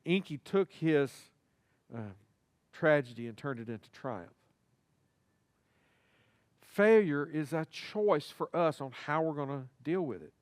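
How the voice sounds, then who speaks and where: A man's voice: fairly high pitch, expressive, measured pace, pauses often, dry recording. A male pastor preaching a sermon in a church, talking to the congregation and acting out little dialogues. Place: church sanctuary.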